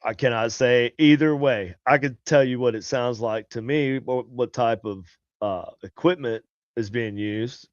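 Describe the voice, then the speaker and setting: Casual, swearing co-host. Mid-pitched man on a dry, slightly dull mic. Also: measured pace, no echo. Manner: loose, profane, rambling. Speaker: podcast co-host. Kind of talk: casual chat.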